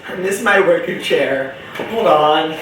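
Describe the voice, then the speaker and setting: A man's voice: fairly high pitch, measured pace, a bit bright, distant mic, slight background noise. A young man rambling in a casual vlog monologue, chatty, campy and profane, jumping between topics. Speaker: vlogger. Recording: roomy echo, voice from off-mic.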